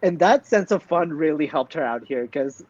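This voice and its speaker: A man with a high voice chats casually as a podcast co-host, blunt and emphatic, cursing freely. His voice is dry and close, with a slightly dull, lo-fi sound. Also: lively intonation, normal speed, a little mellow, no echo. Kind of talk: casual recap chat.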